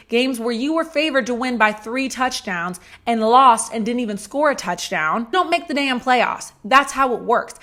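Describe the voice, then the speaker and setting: A woman's voice: a little high, fairly bright tone. A woman hosting a solo sports podcast, giving sassy, blunt commentary with casual swearing and mocking asides. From Georgia fan. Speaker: podcast host.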